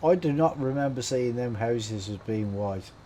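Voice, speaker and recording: Brummie man, laid-back streamer who chats to viewers as he plays and laughs a lot, mellow tone, mid pitch. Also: lively intonation, normal speed, slight background noise, rough recording. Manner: chatty, laughs often, greets viewers while playing. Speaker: game streamer. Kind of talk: casual live-stream commentary.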